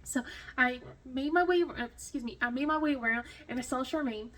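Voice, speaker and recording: A woman vlogger telling a rambling story in casual chat, full of fillers and restarts, emotional and quick to laugh. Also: high-pitched, fairly bright tone. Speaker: crafting vlogger.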